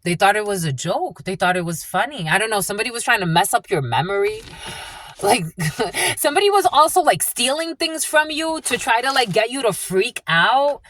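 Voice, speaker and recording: A woman's voice: a little high, sing-song, moderate pace, a bit bright. A woman giving a rambling, blunt and profane channeled reading in a casual monologue. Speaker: spiritual channeler and tarot reader.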